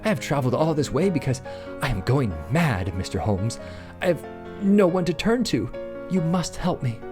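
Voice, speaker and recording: A man's voice: fairly high pitch, big pitch swings, moderate pace, over music, pitched above the performer's own voice. A man reading aloud who voices a frightened young woman client with anxious, pleading speech.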